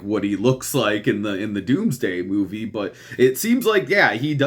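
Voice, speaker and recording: Rambling low-voiced man hosting a podcast. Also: a bit bright. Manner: rambling with frequent restarts, laughs often, casual swearing. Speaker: podcast host. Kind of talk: casual chat reacting to a movie trailer.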